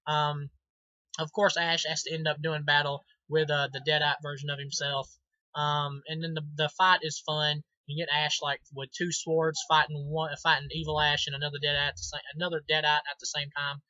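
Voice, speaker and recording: Amateur male film reviewer, bright tense voice, chatty and rambling, dry dull lo-fi sound. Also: on the high side, level tone, moderate pace, no room sound. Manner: enthusiastic, rambling with many ums and restarts. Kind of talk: casual movie review.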